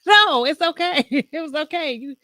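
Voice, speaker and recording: A woman's voice: sits high, expressive, normal speed, bright, forceful tone, no room sound. Upbeat woman host, dry sound. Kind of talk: casual show hosting.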